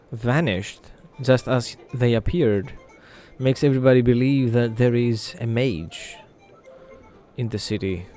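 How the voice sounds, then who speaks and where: A man running a tabletop game, narrating events at an unhurried, deliberate pace. He pauses often on fillers as he builds the scene. Quiet music plays faintly behind him. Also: mid-range voice. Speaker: game master.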